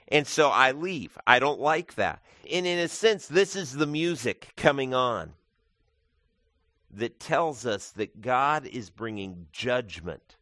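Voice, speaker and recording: A man's voice: on the low side, fairly bright tone, no echo. A male pastor giving a conversational sermon, explaining scripture with casual asides. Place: church.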